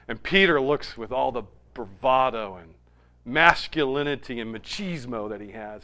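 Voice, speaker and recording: A man's voice: medium pitch, moderate pace, sharp tone. A middle-aged man, a pastor, preaching a sermon in a storytelling way with emphatic repetition.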